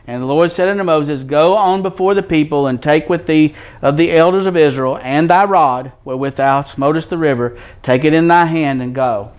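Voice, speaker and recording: A man's voice: a little high, normal speed, hardly any pauses. A man preaching a sermon, reading scripture in old wording and explaining it in plain, folksy talk straight to his listeners. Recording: dull lo-fi recording.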